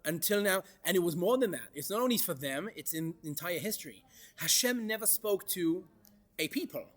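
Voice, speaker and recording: Guy teaching torah, high lively voice, keeps asking the class questions. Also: normal speed. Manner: animated, questions the class, Hebrew verse quotes.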